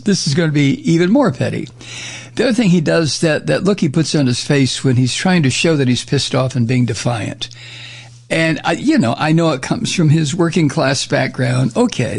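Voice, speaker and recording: Older male talk-radio host, husky gravel, blunt sarcastic commentary. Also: mid-range voice. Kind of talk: political commentary monologue. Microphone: studio microphone.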